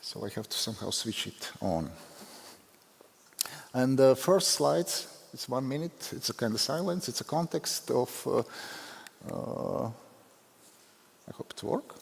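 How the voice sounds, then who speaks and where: A Latvian man with a Latvian accent, speaking in halting, self-deprecating English with many fillers as a photographer giving a conference talk. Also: medium pitch, lively intonation, creaky. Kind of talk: unscripted conference presentation. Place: large hall. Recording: long hall reverb.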